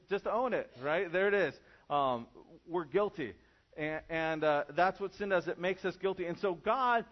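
A man delivering a sermon in a church, speaking in a loose, conversational way rather than a formal one. His voice sits a little higher than most men's, and the recording is muffled and lo-fi. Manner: casual, conversational preaching. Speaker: pastor. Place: church room with congregation.

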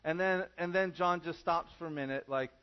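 A man delivering a sermon in a church, speaking in a loose, conversational way rather than a formal one. His voice sits a little higher than most men's, and the recording is muffled and lo-fi. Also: fairly quick. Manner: casual, conversational preaching. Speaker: pastor. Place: church room with congregation.

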